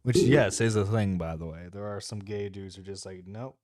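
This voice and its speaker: A man's voice: lowish voice, a little fast, very noisy. A man reacting to a livestream clip, laughing and mocking crudely for his chat. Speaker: streamer reacting to clips. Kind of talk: reaction commentary.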